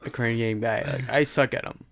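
Laid-back man, mid-pitched voice. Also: steady tone, brisk, vocal fry, no room sound, clean studio sound. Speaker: podcast co-host. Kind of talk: casual chat.

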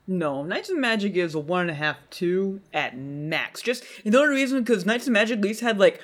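A man's voice: high-pitched, expressive, a little fast. A man co-hosting a podcast in casual chat, blunt and swearing freely. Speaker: podcast co-host.

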